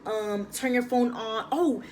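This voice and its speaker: Young woman, animated storyteller, phone propped on a table at home, light hiss. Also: a little high, measured pace. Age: young adult. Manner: chatty, animated, slangy. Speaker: vlogger. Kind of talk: casual storytelling vlog.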